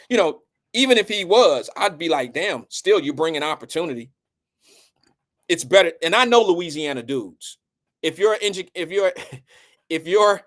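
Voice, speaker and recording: A man's voice: mid-range voice, fairly bright tone. A man hosting a live show, giving blunt and preachy casual commentary.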